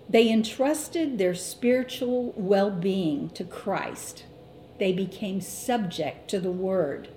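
Slow, mellow woman teaching a sermon. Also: medium pitch, a little hiss or hum. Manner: slow, deliberate teaching with scripture quotes. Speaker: Bible teacher. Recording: echoey room with faint ambience.

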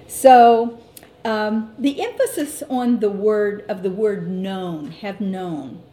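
A middle-aged woman teaching a Bible lesson, speaking slowly and deliberately and quoting scripture. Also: medium pitch, mellow. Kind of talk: sermon. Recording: echoey room with faint ambience.

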